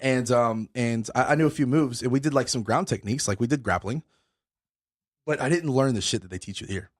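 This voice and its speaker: Fast-talking, swearing young man, out of breath. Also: mid-range voice. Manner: animated storyteller, swears a lot. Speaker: podcast host. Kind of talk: casual chat.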